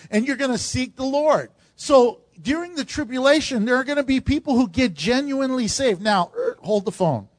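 A man preaching as pastor, animated, acting out the voices of people he quotes. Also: very high voice, moderate pace, hardly any pauses, no room sound. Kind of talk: sermon.

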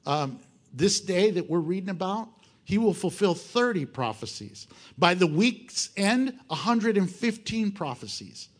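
Male pastor, high voice with big swings in pitch, lively and joking, asks his congregation rhetorical questions. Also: a little slow. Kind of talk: sermon.

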